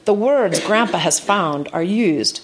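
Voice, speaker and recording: A woman's voice: mid-range voice, lively intonation, slow, slight background noise. A woman giving a live reading of her personal essay on stage, with a wry storytelling delivery.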